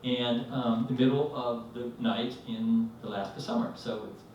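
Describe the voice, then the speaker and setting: A man's voice: medium pitch, measured pace, lo-fi sound, a little hiss or hum. A man telling a rambling personal story at a live storytelling event, acting out the voices in it. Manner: rambling, animated, acts out quotes. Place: live event venue, indoors. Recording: echoey hall, mic from a distance.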